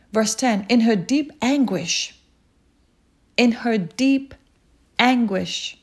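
A woman preaching a sermon, urging listeners with slow, repeated calls. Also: on the high side. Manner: slow, repetitive exhortation.

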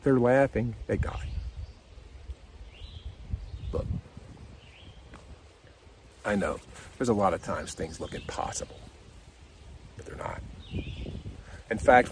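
A man's voice: fairly low pitch, a little hiss or hum. An American man giving a casual devotional talk on his podcast, earnest and encouraging, reading scripture and explaining it in his own words. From United States. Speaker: podcast host, devotional speaker.

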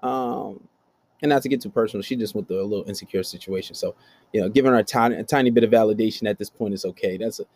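A man's voice: quick pace, darkish tone, no echo. A young man hosting a podcast, improvising a profane, casual story about dating. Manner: profane, storytelling, mimics voices in high pitch. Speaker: podcast host.

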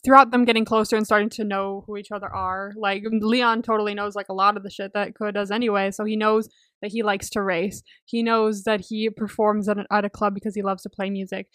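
A woman's voice: medium pitch, flat delivery, brisk, a bit bright, no room sound, studio quality. A young woman co-hosting a podcast in casual chat, talkative, laughing often and swearing freely. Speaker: podcast co-host.

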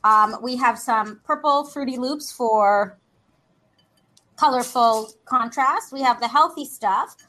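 A woman chatting as a guest in a lively, playful, flirty way, joking as she talks. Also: on the high side, slow pace. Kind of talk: lively casual chat.

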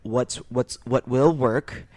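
A young man co-hosting a sports podcast, giving relaxed, measured opinions. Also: medium pitch, no room sound. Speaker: podcast co-host. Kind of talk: casual sports podcast chat.

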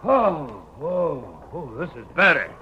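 An actor playing a crude, mocking frontier scout who talks in folksy Western slang. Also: male voice, on the high side, big pitch swings, slow, narrow, tinny audio, a little hiss or hum. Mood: jeering.

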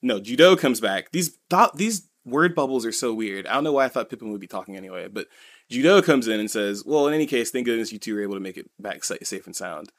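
A man's voice: mid-range voice, expressive, fast talker, a bit bright, dry recording. A man co-hosting a podcast, chatting casually as he retells a chapter in a rambling way, full of "you know" and "kinda.". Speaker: podcast co-host. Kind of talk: casual chat recapping a manga chapter.

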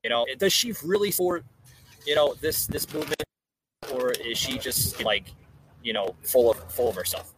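A man's voice: medium pitch, moderate pace, a bit bright, slight background noise, poor audio. A man hosting a casual political podcast from a porch outdoors, talking with lots of fillers and restarts. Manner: hesitant, many fillers and restarts. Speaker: podcast host. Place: outdoor porch in a hot climate.

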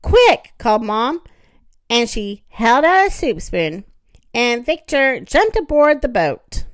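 A woman reading a children's story aloud in an expressive, animated way. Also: on the high side, takes it slowly, dry recording.

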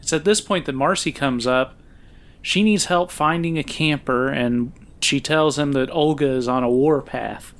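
A man co-hosts a loose movie podcast and walks through the plot in a light, fairly high voice. He laughs easily and fills his pauses with "uh" as he goes. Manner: laughs often, recaps plot with fillers. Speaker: podcast co-host. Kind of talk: casual film-review chat.

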